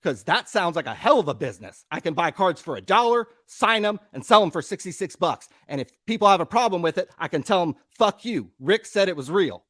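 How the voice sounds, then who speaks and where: A man's voice: sits high, sing-song, fast, few pauses, a bit bright, no echo, studio quality. A man co-hosting a live show, ranting with heavy profanity and emphatic, worked-up conviction. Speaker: podcast co-host. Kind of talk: heated live-stream rant.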